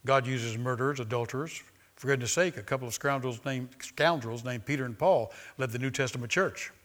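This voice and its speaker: A man preaching in a church sanctuary speaks at a medium pitch, fairly quickly, with a fairly bright tone. The pastor shifts between reading from a book and chatting with the live congregation, asking questions and leading them to say a line back.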